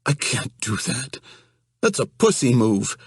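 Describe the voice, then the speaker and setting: A man voicing a scared young man who whines and pleads in a husky voice pushed high. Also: sing-song, measured pace, no room sound, clean studio sound, heavily acted. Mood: panicked. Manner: pleading, whining, voice cracking high.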